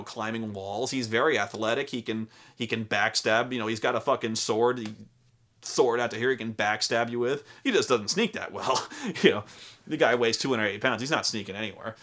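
This young adult man speaks at a medium pitch with a bright, forceful tone. He hosts a casual, rambling, profane talk about tabletop role-playing games, packed with acted-out quotes.

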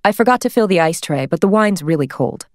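A woman voicing a composed young woman who speaks in a calm, controlled way. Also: fairly low pitch, quick pace, dry recording, clean studio sound, natural voice.

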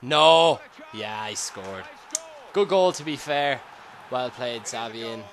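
A man hosting a gaming channel, commentating a football match live, excitable, yelling at the game and swearing. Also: medium pitch, takes it slowly.

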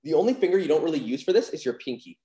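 Young guy showing card tricks, mellow voice, kinda echoey room, chatty and hyped. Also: fairly high pitch, lively intonation, racing. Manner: upbeat, chatty, lots of "like" and "super cool". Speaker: magic instructor. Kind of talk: casual tutorial teaching card tricks. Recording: roomy echo.

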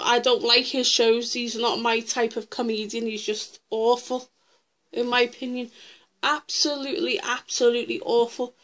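Slow-talking, fiery woman ranting. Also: fairly high pitch, a bit bright. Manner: blunt, heated, swears freely. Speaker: vlogger. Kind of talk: ranting countdown vlog.

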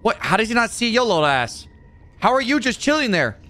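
A man streaming a video game, reacting out loud with swearing and talking to the characters on screen. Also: sits high, fairly quick. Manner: jumpy and excitable, swears, talks to game characters. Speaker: gaming streamer. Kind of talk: let's play commentary.

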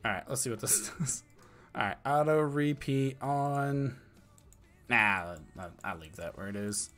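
A man's voice: medium pitch, a little slow, faint music behind. A man commentating his own live gameplay, muttering and swearing as the fight swings. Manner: excitable, swearing, muttering under breath. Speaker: game streamer.

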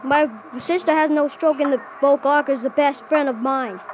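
A woman voicing an angry woman gang member in an animated drama, scolding a rival in broken, repetitive English. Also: high voice, moderate pace, lightly acted. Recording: loud background noise.

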